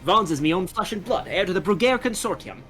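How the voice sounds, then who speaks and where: A streamer voicing a gruff, wealthy merchant father from a fantasy game in a put-on Cockney accent, blunt and down-to-earth. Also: mid-range voice, animated, fast talker, a bit bright, faint music behind, pitched above the performer's own voice, natural voice. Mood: proud.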